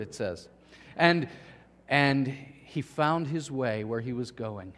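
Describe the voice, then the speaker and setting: Animated man preaching in a reverberant church. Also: mid-range voice, slow. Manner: animated storytelling, addressing children and congregation. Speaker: pastor. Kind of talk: sermon.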